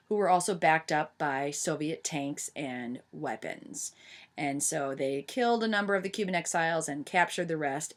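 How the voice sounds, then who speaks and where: Brief: lower-voiced woman teacher, loose lecture style, lots of "um" and "you know". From United States. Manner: chatty, many fillers and restarts. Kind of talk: informal history lecture.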